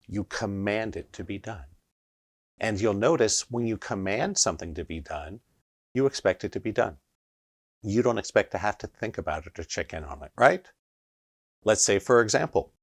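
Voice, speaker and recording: Emphatic man teaching in a dry, low voice. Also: creaky, dry recording. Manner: emphatic, keeps asking rhetorical "right?". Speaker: energy healing teacher. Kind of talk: instructional video monologue.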